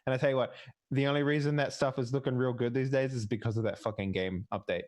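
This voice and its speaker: A man's voice: medium pitch, steady tone, quick pace, darkish tone. A man, a player in a tabletop game, chatting casually and animatedly, swearing freely and laughing often. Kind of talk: casual pre-game chat.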